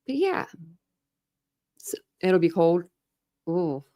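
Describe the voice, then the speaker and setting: With a lowish, mellow voice, she speaks slowly yet very animatedly. The American host streams true crime from a room at home via a desk camera, casually chatting with viewers and rambling between subjects, laughing and using fillers.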